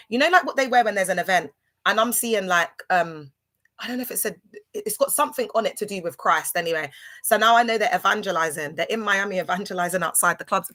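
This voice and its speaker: A London woman hosts a livestream, telling a rambling personal story in a casual monologue packed with fillers and restarts. Her mid-range voice is bright and forceful.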